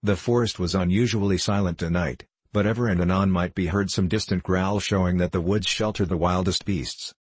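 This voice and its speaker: Male audiobook narrator: measured, low and husky, dry. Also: steady tone, no room sound. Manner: measured storytelling. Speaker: audiobook reader.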